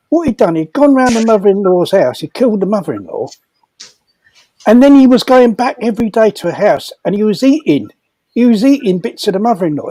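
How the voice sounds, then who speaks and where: A man's voice: sits high, mellow, slightly rough, poor audio. An older man telling prison anecdotes casually, repeating words and laughing as he goes. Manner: rambling, repeats words, laughs through his stories. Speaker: storyteller at a comedy fundraiser.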